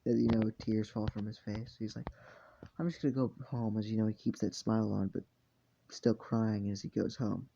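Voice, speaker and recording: Tired man, rambling fan-story narration, gravelly, dark, dull lo-fi recording. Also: fairly low pitch, completely flat delivery, moderate pace, a little hiss or hum. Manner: rambling, with many fillers and swearing.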